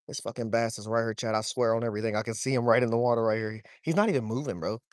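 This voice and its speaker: A young man, talking to his chat while wading and fishing, swearing freely and getting excited over a fish. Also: mid-range voice, very fast, few pauses, dry recording, studio quality. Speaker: fishing vlogger. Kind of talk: casual vlog narration while wading. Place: outdoors, wading in a shallow creek.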